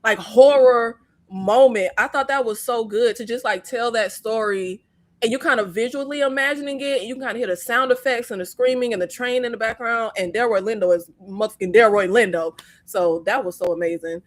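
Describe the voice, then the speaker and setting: A woman hosting a casual movie review chat, blunt and profane, talking in an animated way. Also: on the high side, brisk. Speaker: host.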